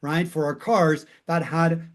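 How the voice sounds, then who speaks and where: A man's voice: fairly high pitch, little pitch movement, measured pace. A middle-aged man, a life coach, telling a personal story in an earnest way and repeating words for emphasis.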